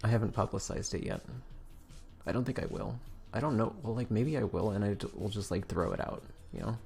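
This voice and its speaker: A man's voice: on the low side, fairly quick, vocal fry, a little mellow, soft background music. A man streaming live as a game developer, chatting casually in a rambling way with a slightly stiff throat. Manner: rambling, self-interrupting, reads docs aloud.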